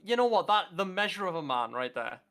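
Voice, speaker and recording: British guy reading news on a chat podcast, bright sharp voice, gets worked up and swears a lot. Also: sits high, fairly quick. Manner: animated, swears often, laughs through reading. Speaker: podcast guest.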